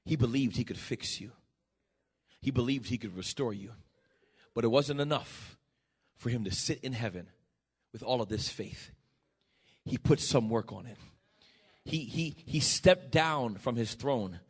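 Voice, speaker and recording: A male pastor preaching a sermon in a church, building to shouted peaks and dropping to quiet, low passages. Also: expressive, a little slow, pauses often, breathy edge. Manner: shouting, rising to emphatic peaks.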